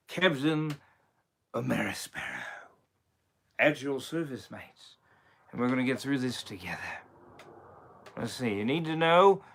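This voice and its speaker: A man doing a bright, swaggering rum-loving pirate captain. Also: medium pitch. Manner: mock pirate talk, playful and bouncy. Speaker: character impersonator. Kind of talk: live stream chat in character.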